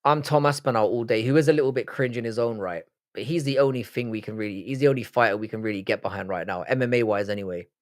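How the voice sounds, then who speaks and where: A man's voice: medium pitch, fast talker, few pauses. Young irish guy from cork on a live stream, swears a lot, rambles and restarts, just chatting. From Ireland. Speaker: livestream host. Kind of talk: casual live-stream chat reading viewer comments.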